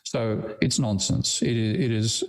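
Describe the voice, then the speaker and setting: Blunt older Australian man, gravelly voice. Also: on the low side, fairly even intonation, unhurried. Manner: blunt, irreverent, swears casually. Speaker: guest lecturer. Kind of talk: online academic lecture. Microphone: video call.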